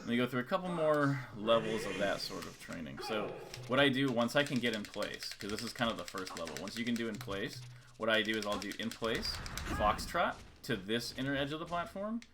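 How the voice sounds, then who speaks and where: A man's voice: on the low side, animated, a little fast, background noise. A man coaching a student in a live-streamed game lesson, talking casually and counting out rhythms over and over. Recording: keyboard clicks and typing behind. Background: keyboard clicks and typing.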